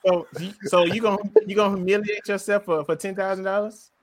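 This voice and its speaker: A young man co-hosting a casual chat, teasing his friends and repeating himself in quick bursts. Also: high-pitched, fairly even intonation, no echo. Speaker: podcast co-host.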